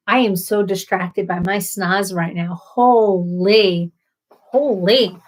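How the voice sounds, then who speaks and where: A woman's voice: medium pitch, fairly even intonation, takes it slowly, poor audio. A woman hosting a casual livestream chat, giggly, rambling and apologetic, a little tipsy from drinks. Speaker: livestream host.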